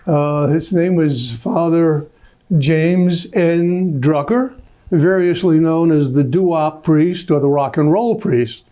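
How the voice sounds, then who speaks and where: Male host, slightly high and mellow, wry and amused, halting intro style. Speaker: talk-show host. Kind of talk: talk-show interview.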